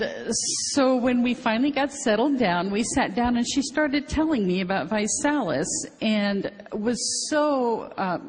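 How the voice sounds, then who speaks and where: A woman's voice: medium pitch, slightly rough. A middle-aged woman giving an upbeat, chatty testimonial on stage. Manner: chatty and upbeat, quoting others with animation. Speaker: speaker on stage. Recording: reverberant hall with faint noise.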